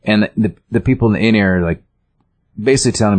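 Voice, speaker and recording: A man's voice: lowish voice, fairly quick. A man co-hosting a casual comic book chat, rambling through a story summary with many restarts. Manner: rambling, restarts often, loose summary with quoted lines. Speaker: comic book show co-host.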